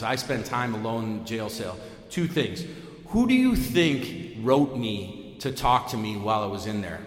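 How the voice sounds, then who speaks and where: A man giving a personal recovery talk at a meeting, telling his story casually with lots of fillers and sudden jumps in pitch and loudness. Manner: lively storytelling with big pitch swings, many fillers. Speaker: AA main speaker. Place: meeting room. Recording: echoey hall, long reverb.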